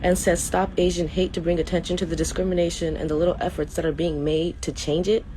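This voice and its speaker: A woman's voice: on the low side, flat delivery, fast, warm tone, a little hiss or hum. A young woman reading out a prepared statement to her followers, earnest and a little hesitant, often stopping to restart her sentences. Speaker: vlogger.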